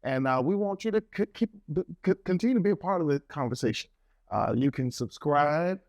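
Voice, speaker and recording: A man's voice: a little high, animated, brisk, a little mellow, dry recording. A middle-aged man co-hosting a podcast, talking enthusiastically with small stumbles. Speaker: podcast co-host. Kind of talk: podcast talk with sponsor plug.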